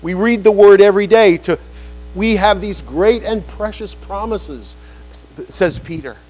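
Male preacher, high-pitched, animated sermon delivery with acted-out quotes and rising emphasis. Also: measured pace, low-quality recording.

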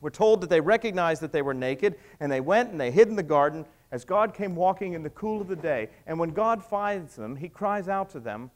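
High-voiced preacher delivering a sermon. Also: male voice, lively intonation, a little fast, hardly any pauses. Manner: dramatic retelling with acted quotes, swinging from hushed to raised.

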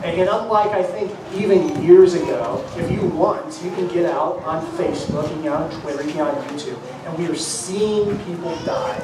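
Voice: mid-range voice, moderate pace, few pauses. A pastor preaching an earnest sermon in a church sanctuary, repeating key phrases for emphasis. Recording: very echoey hall, mic far off, noisy.

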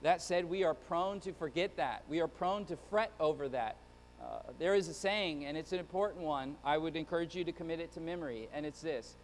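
A male pastor with a high-pitched voice preaches an earnest sermon, often tripping over and repeating his words. His voice rings with a long reverb through a large church hall. The delivery is heartfelt and unscripted. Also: fairly quick, slight background noise.

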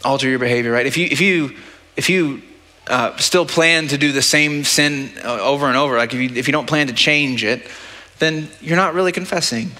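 Bright-voiced pastor preaching in a reverberant hall. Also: male voice, mid-range voice, fairly quick. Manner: conversational, practical, with frequent "right?" asides. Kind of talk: sermon. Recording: long church-hall reverb.

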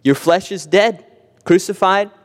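A man's voice: sits high, a little slow, in a large hall. A man preaching a sermon earnestly, with vivid imagery and rhetorical repetition. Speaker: pastor.

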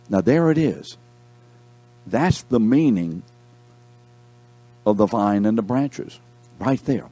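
Man teaching a Bible class, low and mellow. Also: animated, a little slow, dry recording. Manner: reads scripture aloud, breaks off to quiz the class; repeats key words for emphasis.

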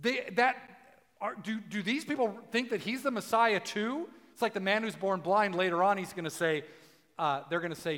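A male pastor talks through a sermon in a relaxed, chatty way. He acts out the people he quotes and rises to shouting for emphasis. His voice sits high, and it rings out into a hall with a long echo. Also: normal speed. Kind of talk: casual sermon.

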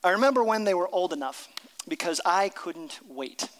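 Middle-aged male pastor, high bright voice, emphatic sermon delivery, long church reverb. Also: animated, moderate pace. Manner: emphatic, reads story aloud with character voices.

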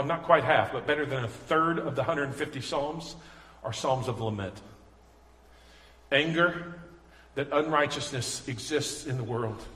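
Bright-voiced male pastor in echoing hall. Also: mid-range voice. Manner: conversational and earnest, building to emphatic passion. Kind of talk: sermon. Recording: echoey hall reverb.

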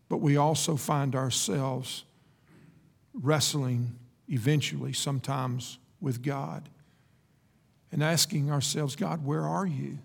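Gravelly-voiced preacher in an echoing hall. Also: male voice, mid-range voice. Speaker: pastor. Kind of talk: sermon. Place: church sanctuary. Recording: reverberant hall with faint guitar.

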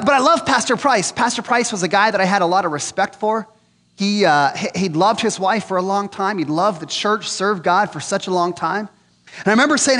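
Man in his 40s, conversational preacher with a high voice, joking and earnest, echoey hall. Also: fairly bright tone. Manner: earnest, joking, frequent restarts. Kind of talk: conversational sermon.

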